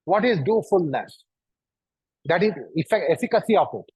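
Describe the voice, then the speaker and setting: A man's voice: high voice, lively intonation, normal speed, a little mellow, breathy edge, dry recording. A man teaching a yoga class, guiding students through poses and pressing them with repeated, probing questions. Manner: repetitive, probing rhetorical questions. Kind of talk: instructing a class. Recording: dull lo-fi recording.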